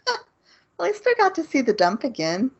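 A woman's voice: high-pitched, wildly swooping pitch, moderate pace, creaky, a little hiss or hum. A woman co-hosting a podcast in casual chat, talking in an easygoing, amused way. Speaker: podcast co-host. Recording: dull lo-fi audio.

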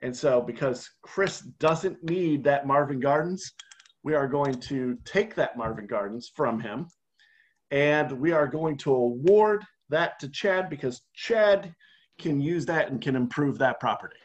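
A man talking at a middle pitch, walking a listener through a scenario point by point. His delivery is casual and animated, with asides and quick turns back to the point. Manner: animated storyteller, walks through a game scenario step by step. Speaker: podcast co-host. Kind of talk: casual conversational explaining.

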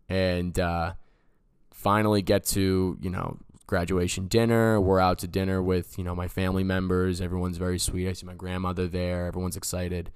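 A man's voice: deep voice, smooth, dry recording, studio quality. A man in his twenties, a podcast host, telling a personal story in a loose, rambling way, full of "like" and "you know". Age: 20s. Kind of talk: casual storytelling.

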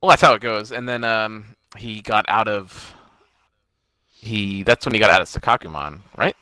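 A man co-hosts a podcast with a bright, forward voice, joking and swearing as he reads out details. The sound is dry and close. He keeps a casual, teasing chat going. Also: fairly low pitch, normal speed, no room sound, poor audio. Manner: jokey, swears, reads titles out. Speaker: podcast co-host.

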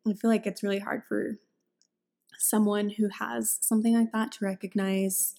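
A woman's voice: mid-range voice, level tone, moderate pace, gravelly, warm tone. A young adult woman co-hosting a casual podcast, telling a candid personal story. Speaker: podcast co-host.

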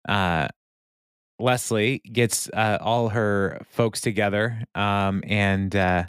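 A man co-hosting a podcast, recapping a TV episode in an animated, casual way with many filler sounds. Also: lowish voice, slow pace, clear, resonant tone, no room sound, clean studio sound. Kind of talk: casual chat.

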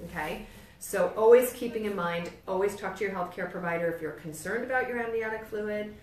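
A woman with a New York accent teaches like a birth educator, laying points out plainly and tagging them with quick "right?" checks. Her voice sounds roomy and set back from the mic. A faint hum of ambience sits underneath. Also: mid-range voice, far from the mic. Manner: explanatory, checks in with "right?" often. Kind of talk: instructional demonstration.

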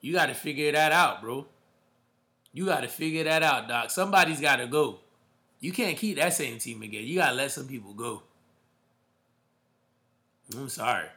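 Bright-voiced man in casual sports talk. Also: mid-range voice, normal speed, gravelly, pauses often. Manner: emphatic, slangy, calls listeners bro.

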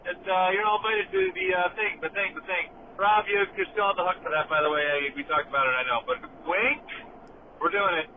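A man calling in from his car, ranting loudly and swearing in a comic voice message. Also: sits high, a little fast. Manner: loud, brash, swearing. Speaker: caller leaving a voice message. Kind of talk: profane comic rant. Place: driving in a car. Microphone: phone. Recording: tinny phone line with car noise.

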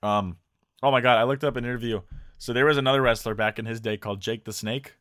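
A young man chatting casually and jokingly on a podcast, sometimes breaking into loud impressions. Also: medium pitch, steady tone, fast talker, no echo, studio quality. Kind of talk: casual chat.

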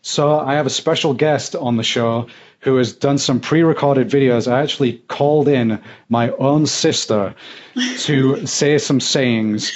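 A man from Yorkshire hosting a talk show, chatting casually with a light, softened Yorkshire accent and frequent laughs. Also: mid-range voice, dull audio, slight background noise. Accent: Yorkshire English, softened. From Yorkshire, England. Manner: chatty, laughs often, fillers. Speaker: host.

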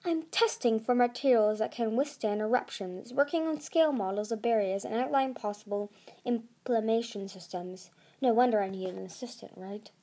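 Brief: eager, lecturing male dragon inventor, read by a woman, raised and bright. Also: a little high, normal speed. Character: eccentric excitable male dragon scientist. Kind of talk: amateur audiobook reading.

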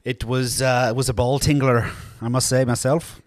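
A man's voice: mid-range voice, steady tone, normal speed, close to an everyday voice. A man putting on an Irish accent for a bet, playing a cheeky, foul-mouthed joker in a casual podcast chat. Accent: put-on Irish. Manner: crude, swears freely. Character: cheeky stage-Irish man, swearing and joking.

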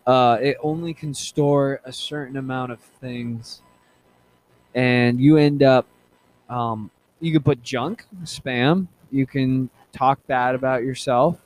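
A man hosting a casual solo podcast, rambling with many fillers, restarts and halting pauses. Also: medium pitch, fairly even intonation, a little mellow. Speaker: podcast host.

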